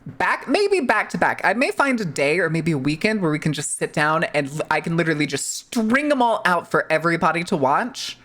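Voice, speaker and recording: Lady streamer from the midwest, lower voice, joking with chat, swears plenty. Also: sing-song, a little fast, a bit bright. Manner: chatty, joking, swears freely, reads chat aloud. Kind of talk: casual live-stream chat.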